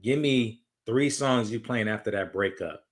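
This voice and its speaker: A young man hosting a casual interview podcast, relaxed and agreeable as he asks questions. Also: on the low side, measured pace. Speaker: podcast host.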